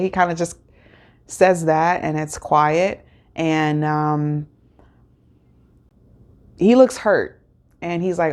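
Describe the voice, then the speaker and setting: A woman's voice: low voice, slow, long pauses, darkish tone. Chatty woman recapping an episode. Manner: chatty, rambling, many fillers and restarts. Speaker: host.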